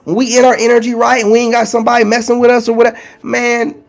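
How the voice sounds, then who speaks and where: A man talking casually and directly to his viewers, animated and teasing, with big swings in his voice. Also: very high voice, quick pace. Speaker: spiritual content creator. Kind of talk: casual direct-to-camera talk.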